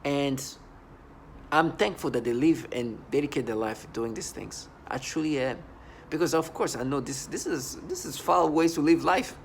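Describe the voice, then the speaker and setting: A man's voice: on the high side, a little hiss or hum. A man talking to camera in a personal video monologue, earnest and agitated, often breaking off words and restarting. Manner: halting, with frequent restarts and broken-off words. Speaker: vlogger.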